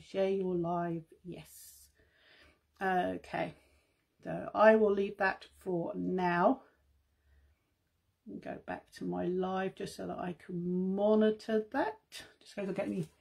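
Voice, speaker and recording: Speaking into a phone on a live stream from home, a middle-aged woman who sells makeup and hosts the stream chats casually with her viewers, calling them guys as she rambles through asides. Her medium-pitched voice has vocal fry and a breathy edge.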